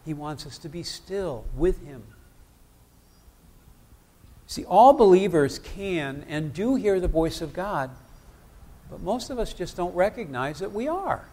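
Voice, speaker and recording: A man's voice: sits high, expressive, measured pace, long pauses, mellow. Conversational man preaching a sermon. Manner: conversational, asks the congregation questions. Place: church.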